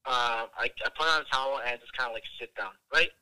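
A man's voice: mid-range voice, fast, sharp tone, clean tone, poor audio. A young man from Wisconsin telling a long, profane story in a rambling, casual way, full of filler words. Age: young adult. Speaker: podcast guest telling a story.

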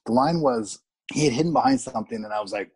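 A middle-aged man from Canada, an actor, telling candid, animated stories about film sets in a casual interview and swearing freely. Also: medium pitch, fast talker, husky, no echo. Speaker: actor guest.

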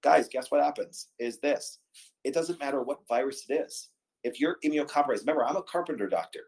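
A man in the host's seat talks with emphatic conviction and keeps driving his points home with rhetorical questions. His pitch sits in the ordinary middle range for a man. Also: fairly quick, vocal fry, a little mellow, low-quality recording. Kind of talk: casual talk show conversation.

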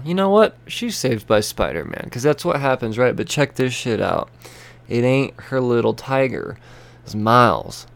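A man's voice: mid-range voice, vocal fry. A man hosting a comic book podcast in a rambling, profane, casual review style. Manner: rambling, swearing, laughing.

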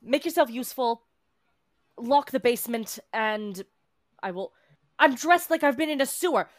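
A woman's voice: on the high side, animated, moderate pace, no echo, studio quality, lightly acted. A woman voicing a cool, imperious vampire lady in a tabletop game, with haughty, clipped commands. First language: not English. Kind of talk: tabletop role-play voicing.

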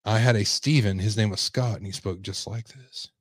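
A man hosts a livestream, reacting and reading viewer comments in a loose, rambling way. His voice is on the low side. The sound is dry and close. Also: normal speed, no room sound. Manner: casual, rambling, reads chat aloud. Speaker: host.

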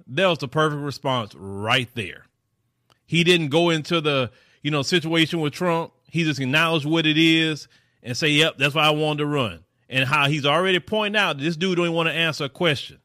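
A man from the American South comments on a debate with emphatic, direct energy. His voice is bright and pitched a bit high, and the recording is close and dry. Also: no room sound. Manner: emphatic, talks straight to viewers. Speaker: political commentator reacting to a debate. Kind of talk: casual reaction commentary.

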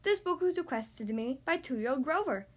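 A woman hosting a podcast for young kids, reading a storybook aloud in a bright animated way. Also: sits high, moderate pace.

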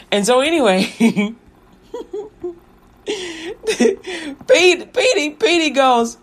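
A woman's voice: high-pitched, big pitch swings, very slow, long pauses. A woman teacher retelling a fairy tale in a playful, laughing, slangy way.

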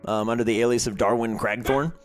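A young man narrating a tabletop game as game master, in a relaxed, filler-heavy storytelling manner. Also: mid-range voice, fast, faint music behind.

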